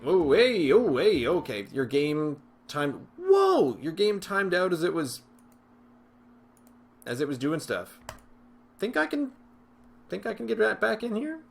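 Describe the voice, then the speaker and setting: Gaming host, male, mid-range voice, chatty and rambling with sudden excited bursts, casual play-along commentary. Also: on the high side, a little slow, gravelly, pauses often, faint music behind. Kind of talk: casual commentary while playing a card game. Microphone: desk microphone with webcam.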